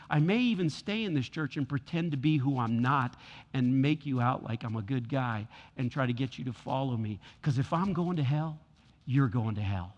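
A man pastor preaching a sermon in a church, repeating lines and building in force. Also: medium pitch. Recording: long hall reverb.

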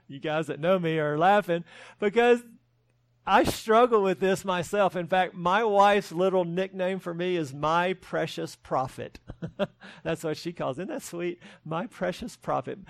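High-voiced preaching man, dry close sound. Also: dry recording. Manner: earnest preaching with rising emphasis and self-deprecating humor. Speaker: pastor. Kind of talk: sermon.

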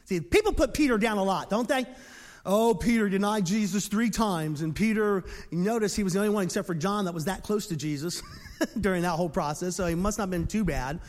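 A high-pitched man in his fifties preaches, and his voice rings with long reverb through a church sanctuary. He swings between hushed, almost whispered lines and loud, animated bursts. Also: fairly quick. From Philadelphia, USA. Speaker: pastor. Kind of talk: sermon. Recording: long reverb of a large hall.

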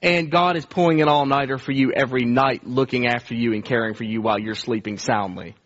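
A man's voice: medium pitch, fairly even intonation, brisk, fairly bright tone. A male pastor preaching a sermon to his church in an earnest, conversational way. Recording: dull, lo-fi sermon recording.

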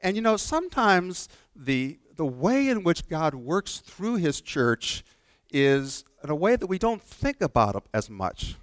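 A man's voice: on the high side, big pitch swings, unhurried, clean tone, no room sound, clean studio sound. A man preaching a sermon as pastor, earnest and repeating phrases for emphasis. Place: church sanctuary.

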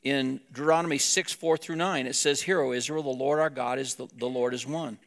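A man's voice: medium pitch, steady tone, a little fast. A man preaching a sermon as a pastor, talking plainly and directly to his congregation.

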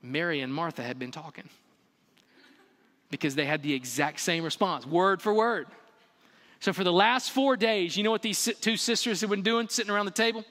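A man preaching a sermon as a pastor, animated and full of rhetorical questions, acting out bits of dialogue with humor. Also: sits high, normal speed. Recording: long reverb of a large hall.

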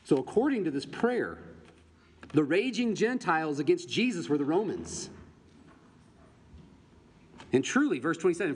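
A man's voice: fairly high pitch, sing-song, moderate pace, pauses often, breathy edge. A man preaching a sermon to his congregation, putting rhetorical questions to them as he teaches from the Bible. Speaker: pastor. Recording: long reverb, faint background noise.

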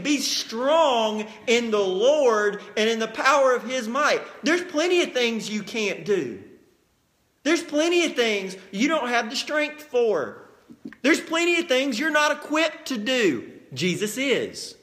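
A man preaching a sermon, telling Bible stories with lively acted-out scenes and plain, folksy asides. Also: extremely high pitch, measured pace. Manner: animated storytelling, acts out scenes.

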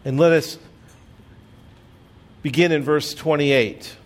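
A man's voice: fairly high pitch, fairly even intonation, slow pace. A middle-aged man preaching a sermon as pastor, telling stories in a conversational way with self-deprecating humor.

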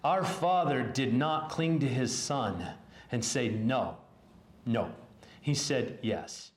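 A pastor delivering a sermon in an earnest, halting way, often restarting phrases. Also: male voice, medium pitch, reverberant.

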